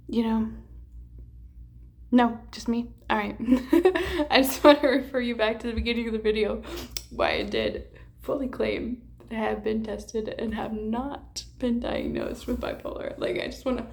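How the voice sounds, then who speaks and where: Tired young woman, gravelly rambling chat. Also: a little high, darkish tone. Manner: rambling, candid, swears, many fillers and restarts. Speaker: vlogger. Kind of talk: casual chat to camera.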